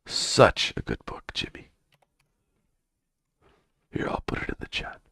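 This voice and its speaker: A man's voice: slow, fairly bright tone, no echo. A man hosting a live trading stream, chatting casually and with plenty of swearing, often mumbling in a half-whisper.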